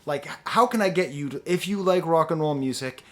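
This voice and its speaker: A man's voice: fairly high pitch, a little fast. A man giving a casual talk-to-camera album review, rambling and digressive with lots of fillers, earnest and pleading in his enthusiasm.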